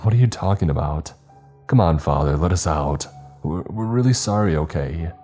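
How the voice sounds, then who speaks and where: A man's voice: very deep voice, lively intonation, normal speed, warm tone, slightly rough, soft background music, full character voice. A man voicing a frightened, pleading young woman in a horror story. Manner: pleading, fearful.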